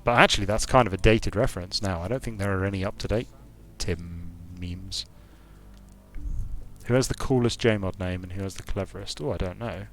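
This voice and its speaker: Low-voiced British man musing while gaming. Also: fairly quick, faint music behind. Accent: British English. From United Kingdom. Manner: digressive, musing aloud. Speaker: game designer streaming his play. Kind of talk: casual gameplay commentary.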